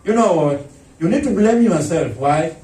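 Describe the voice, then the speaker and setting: A man preaching a sermon as a pastor, breaking into shouts and mocking impressions of others. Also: fairly high pitch, lively intonation, moderate pace. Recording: echoey room, mic at a distance.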